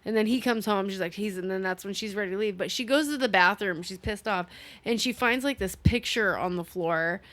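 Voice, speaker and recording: A woman's voice: medium pitch, brisk, a bit bright. A woman casually recapping a horror movie with a co-host, swearing freely and acting out the characters' lines. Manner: loose, profane, acts out character lines. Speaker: podcast co-host.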